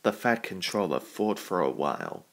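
A man narrating a children's storybook in a calm, even reading voice. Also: low-pitched, moderate pace, vocal fry.

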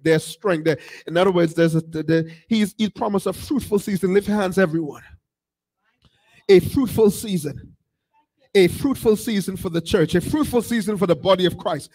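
A man with a strikingly high voice preaches a sermon, moving between quiet teaching and shouted, sung calls to the congregation. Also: fairly quick, rough recording. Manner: call-and-response preaching, rising to shouts and sung cadences. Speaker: pastor.

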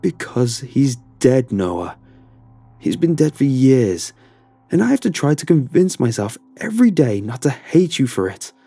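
A man voicing a grieving middle-aged father who shouts bitterly in a horror story. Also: medium pitch, sing-song, takes it slowly, gravelly, pauses often, slightly rough, dry recording, soft background music, pitched above the performer's own voice, full character voice. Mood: grim.

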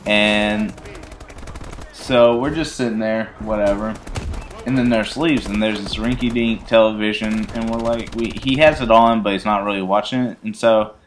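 A man's voice: lowish voice, steady tone, normal speed, a little hiss or hum. A young man casually telling a rambling, funny personal story over gameplay, often breaking into laughter. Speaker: gaming channel host.

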